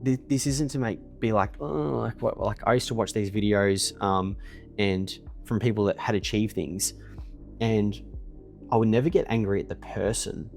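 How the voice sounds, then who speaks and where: A man in his 20s who owns an email marketing business talks to camera from his desk in a villa, boasting and swearing and closing points with a pushy "okay?". His voice is low-ish, creaky and darkish, at normal speed, with faint music behind.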